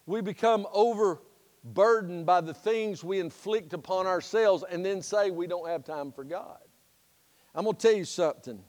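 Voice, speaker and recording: Animated preacher man in an echoey hall. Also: sits high, moderate pace. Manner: folksy, animated storyteller. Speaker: pastor. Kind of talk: sermon with storytelling. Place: church sanctuary.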